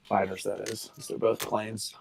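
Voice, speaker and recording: A man's voice: on the low side, flat delivery, moderate pace, vocal fry. A man in his thirties chatting casually while playing a strategy board game, explaining and justifying his moves in an easygoing way. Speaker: co-host and player. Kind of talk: casual gameplay chat.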